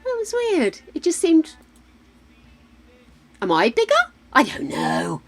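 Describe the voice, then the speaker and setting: A woman's voice: very high voice, wildly swooping pitch, takes it slowly. An English woman streaming a game, chatting casually and thinking aloud as she plays, laughing often. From England. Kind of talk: casual chat while playing.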